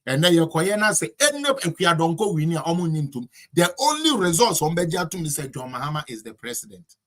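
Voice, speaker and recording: A man's voice: on the high side, sing-song, fairly quick, a bit bright. Heated Ghanaian man ranting on politics. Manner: heated, mocking, exclamatory. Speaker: political commentator. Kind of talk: political commentary rant.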